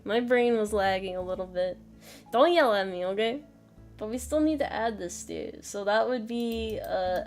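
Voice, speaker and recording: A woman's voice: mid-range voice, a little mellow. A young woman streaming a math lesson, flustered and self-mocking, muttering and swearing as she works through problems. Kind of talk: casual live-stream chat while solving problems.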